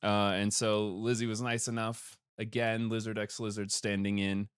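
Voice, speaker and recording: A man's voice: fairly low pitch, level tone, moderate pace, clean tone, dry recording, studio quality. A man hosting a casual podcast, joking and rambling with wry asides. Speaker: podcast host. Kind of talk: casual chat.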